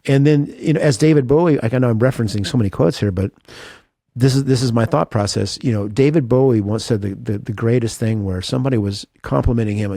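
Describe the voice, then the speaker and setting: A man's voice: medium pitch, quick pace, gravelly, dark tone, dry recording, studio quality. A man, a guitarist guest in an interview, talking earnestly and self-deprecatingly with lots of restarts. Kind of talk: reflective interview talk.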